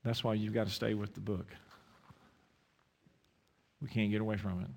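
Male pastor, sermon delivery with lively storytelling and prayer, voice in a big reverberant hall. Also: on the low side, normal speed, creaky. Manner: storytelling, rising to animated emphasis.

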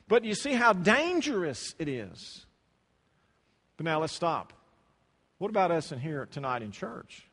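A man's voice: on the high side, very animated, unhurried, long pauses, fairly bright tone, breathy edge, big-room sound. A man preaching a sermon in church, talking in a loose, conversational way, often repeating words and acting out the people in his stories. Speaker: pastor. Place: church hall.

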